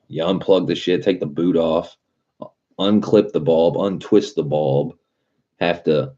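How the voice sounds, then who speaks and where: A man's voice: deep voice, warm tone, highs cut off. A man hosting a casual livestream, telling a rambling, profane work story and laughing at himself. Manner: profane, rambling storyteller who laughs at his own stories. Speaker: livestream host.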